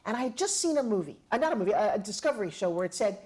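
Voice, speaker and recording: A middle-aged woman telling a personal story, dramatic and expressive, acting out the voices of the people in it. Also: mid-range voice, racing, hardly any pauses, breathy edge. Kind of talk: animated storytelling.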